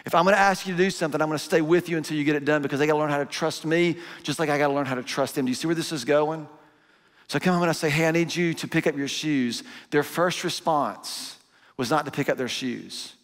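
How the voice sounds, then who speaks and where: A man's voice: on the high side, fast, long reverb tail. A middle-aged man preaching a conversational sermon, acting out parents and children as he goes. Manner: conversational, acts out parents and kids in asides. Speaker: pastor. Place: church auditorium.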